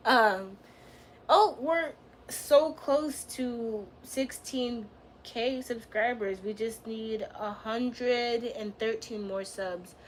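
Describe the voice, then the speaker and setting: A woman's voice: a little high, extremely slow, a little hiss or hum. A young woman livestreaming, chatting casually in slang, teasing and trash-talking her chat.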